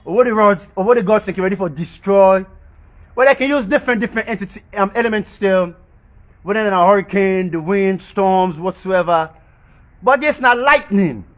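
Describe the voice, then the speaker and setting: A man delivering a rambling monologue in creole-tinged informal English. He repeats phrases for emphasis and chuckles softly to himself. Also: sits high, normal speed. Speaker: social media commentator. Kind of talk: rambling spoken monologue about planets and religion.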